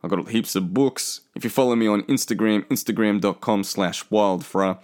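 A young man talks straight to his listeners in a loose, rambling solo show. His voice sits a little low, and he swears freely and pokes fun at himself as he goes. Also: moderate pace, a little mellow. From Australia. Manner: chatty, profane and self-mocking. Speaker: podcast host. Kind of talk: casual solo talk show.

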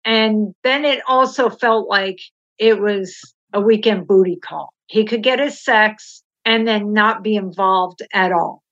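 A middle-aged woman, a podcast guest, telling candid personal stories in an animated way and acting out the dialogue. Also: medium pitch, a little slow. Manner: animated, acts out quoted dialogue, laughs while telling. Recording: slightly dull, lo-fi sound.

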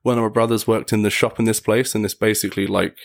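Low-voiced man telling rambling stories. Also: little pitch movement, quick pace, vocal fry. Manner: rambling, laughs often, heavy use of "like". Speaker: podcast guest. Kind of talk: casual storytelling chat.

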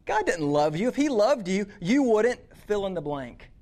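A youth pastor voicing the devil as a mocking, accusing tempter, lower and quieter than his own voice. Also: sing-song, normal speed. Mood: taunting. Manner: mocking, taunting, low and hushed.

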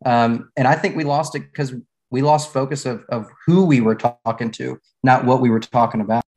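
A man's voice: mid-range voice, moderate pace. A middle-aged man, a former managing partner of a law firm, telling stories in a podcast interview with easy laughs and repeated restarts. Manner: relaxed storyteller, laughs and repeats words.

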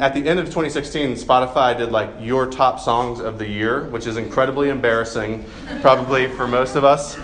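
A man's voice: mid-range voice, fairly bright tone, a little hiss or hum. A man in his thirties preaching a sermon in a casual, conversational way, with self-deprecating humor and plenty of ums. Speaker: pastor.

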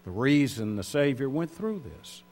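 A man's voice: mid-range voice, big pitch swings, moderate pace, a little mellow, slight background noise. Preaching man stressing scripture. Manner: preaches with rising emphasis, draws out key words. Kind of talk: sermon.

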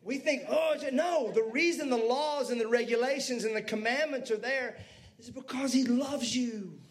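Man, pastor, very high voice, lively sermon, talks to the congregation. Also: normal speed. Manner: lively preaching with asides to the congregation.

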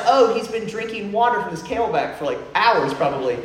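Brief: young male preacher, slightly high voice, relaxed chatty delivery, roomy echo with faint background hum. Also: brisk, crowd noise. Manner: casual storytelling with many fillers. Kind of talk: sermon. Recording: echoey room, faint ambience.

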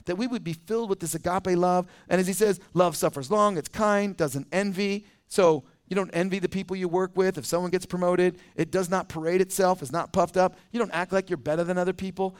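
A man with a noticeably high voice delivers a sermon to his congregation. He keeps it conversational, chuckling as he goes and slipping into quick acted-out scenes. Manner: conversational, chuckles often, acts out little scenes. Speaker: pastor. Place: church.

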